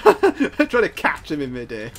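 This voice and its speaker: Excitable gameplay commentator. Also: mid-range voice, moderate pace, soft background music. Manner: joking, excitable, playful sing-song asides.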